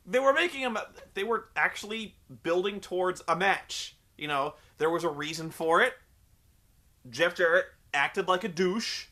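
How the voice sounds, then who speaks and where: A man's voice: on the high side, sharp tone. A young man recapping a wrestling show in a sarcastic, profane, rambling comedic commentary.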